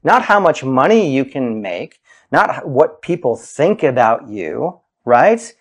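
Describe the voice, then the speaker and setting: A male pastor preaching a sermon, slow and emphatic, rising high when quoting scripture and dropping low and soft for emphasis. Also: big pitch swings.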